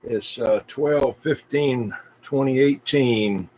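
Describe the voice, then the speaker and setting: Halting man hosting a radio net. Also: medium pitch, darkish tone, a little hiss or hum, poor audio. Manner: halting, with many fillers. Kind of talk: casual radio net chatter.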